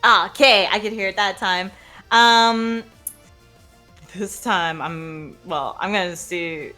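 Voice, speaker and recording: Slow, hesitant woman playing a game. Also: mid-range voice, sharp tone, soft background music. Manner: hesitant, giggly, thinking aloud. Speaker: player. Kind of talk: casual tabletop play.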